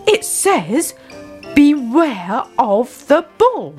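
A stern but kindly farmer from a storybook, lecturing in a raised voice. A woman reads him aloud, slowly and clearly. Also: high voice, very animated, a little mellow, faint music behind, exaggerated voice.

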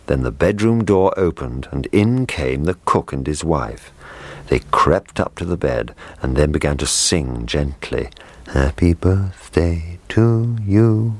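A man reading a children's story aloud, slow, gentle and measured. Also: extremely low pitch, animated, husky, no room sound.

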